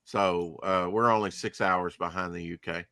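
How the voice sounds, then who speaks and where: A man's voice: deep voice, fairly even intonation, normal speed, pushed and bright, dry recording. A man hosting a casual online chat show, teasing his guests and steering the talk with questions. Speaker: podcast host.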